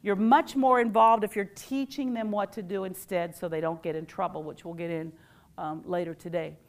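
A middle-aged woman giving a playful, animated workshop talk to parents and quizzing the audience. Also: lowish voice, normal speed.

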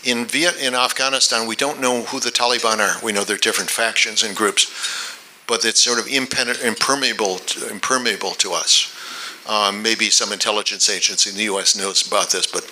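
A man from the United States giving a policy talk and answering questions, measured, often repeating words while he thinks, with dry asides. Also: lowish voice, steady tone, sharp tone, a little hiss or hum, rough recording. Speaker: policy expert speaker.

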